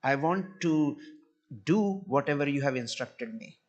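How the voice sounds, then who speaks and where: A man's voice: fairly high pitch, expressive, unhurried, darkish tone, dull audio. A man giving a devotional talk at a temple program, earnest, often repeating words as he searches for the next phrase. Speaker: temple speaker.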